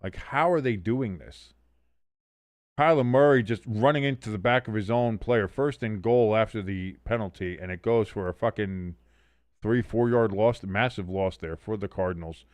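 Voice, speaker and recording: A man in his thirties streams a watch-along, calling the plays himself and reading chat aloud, in a lowish, darkish voice at normal speed with no echo. When his team stumbles he gets exasperated and swears freely.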